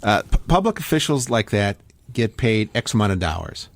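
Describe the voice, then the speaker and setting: Low-voiced male radio host, dry studio. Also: big pitch swings, moderate pace, no room sound. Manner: conversational, hesitant restarts. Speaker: radio talk show host. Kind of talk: talk radio banter. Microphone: studio microphone.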